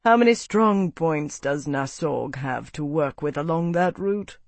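A man reading an audiobook, voicing a measured, wry male knight officer. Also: on the high side, lively intonation, vocal fry, no echo. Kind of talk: audiobook character voice.

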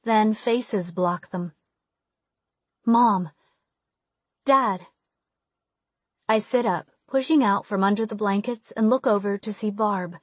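A woman reading a first-person audiobook, measured in her narration and emotional in the dialogue, on a close studio mic. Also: mid-range voice, husky, no echo.

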